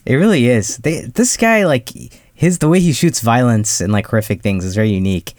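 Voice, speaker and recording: A man's voice: medium pitch, a little fast, a little mellow, no echo, studio quality. A man co-hosting a casual film podcast, giving his reactions in a rambling way with lots of fillers. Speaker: podcast co-host.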